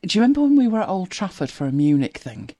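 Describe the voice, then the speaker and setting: A woman's voice: lowish voice, very animated, fast, mellow, dry recording, studio quality. A woman, co-hosting a casual chat and telling stories with laughing asides. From northern England. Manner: chatty storytelling, lots of laughing asides. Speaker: co-host.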